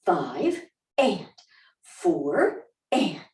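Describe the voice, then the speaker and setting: Her voice on the low side, a little mellow, with huge pitch swings and an extremely slow pace, a Southern-accented woman instructs a live barre class. She stays upbeat with whoops and counts, recorded roomy and from a distance.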